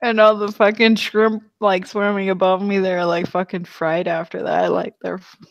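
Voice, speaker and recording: A woman's voice: medium pitch, level tone, normal speed, vocal fry. A woman playing in a tabletop game, chatty and laughing, often correcting herself. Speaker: player. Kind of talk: casual tabletop game play.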